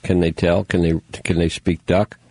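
A man's voice: sits low, little pitch movement, normal speed, a little mellow, slightly rough, dry recording. A man hosting a talk show, rambling through news stories with sarcastic, mocking asides. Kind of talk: casual news commentary monologue.

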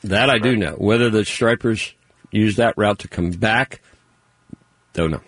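A man's voice: on the low side, measured pace, a bit bright, slightly rough, dry recording. A man hosting a call-in radio show, friendly and easygoing, thinking aloud with some restarts. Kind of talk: casual call-in radio chat.

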